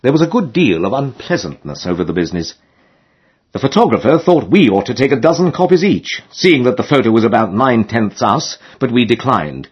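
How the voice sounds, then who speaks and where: A man narrating a comic novel in a lively, expressive way with dry humor, in a dull lo-fi recording. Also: mid-range voice, a little fast, breathy edge. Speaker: audiobook narrator.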